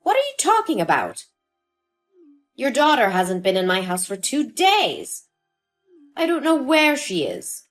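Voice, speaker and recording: A woman's voice: fairly high pitch, wildly swooping pitch, unhurried, pauses often, faint music behind. A woman voicing a scheming, cold-hearted older mother-in-law who talks with scorn and dismissiveness, in a dramatized story. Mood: contemptuous.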